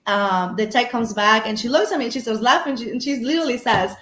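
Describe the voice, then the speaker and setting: A woman's voice: fairly high pitch, brisk, hardly any pauses, a bit bright, roomy sound. A woman guest on a paranormal podcast, telling a personal story in a rambling, casual way full of fillers and restarts.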